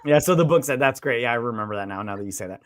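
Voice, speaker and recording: A man's voice: medium pitch, expressive, rapid-fire, dry recording, clean studio sound. A man co-hosting a casual movie review chat, rambling and retelling scenes with a lot of "he's like.". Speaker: movie review podcast co-host.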